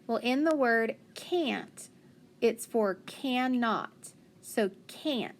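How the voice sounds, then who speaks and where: A woman teaching a phonics lesson to young children, patient and encouraging, sounding words out slowly. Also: on the high side, lively intonation, vocal fry, a little hiss or hum.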